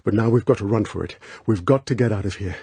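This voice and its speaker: A man's voice: on the low side, fast talker, dark tone, slightly rough, no echo. A man reading an audiobook voices a tough male secret agent who gives clipped, urgent commands.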